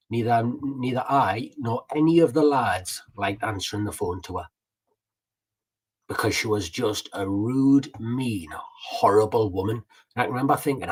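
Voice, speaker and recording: A man's voice: mid-range voice, darkish tone, breathy edge, rough recording. A man co-hosting a casual chat, telling blunt school stories with local turns of phrase. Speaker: podcast co-host.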